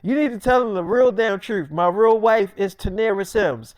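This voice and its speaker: A young man, telling a freestyle comic story and acting out every character himself, going low and soft for his own lines. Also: moderate pace, no echo.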